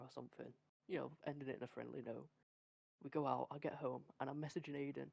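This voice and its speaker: A young man hosts a casual podcast and tells a rambling story among friends with plenty of energy. His mid-pitched voice has a gravelly fry to it. The sound is close and dry. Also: fast talker, dry recording. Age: young adult. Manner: energetic, rambling, swears freely. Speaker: podcast host.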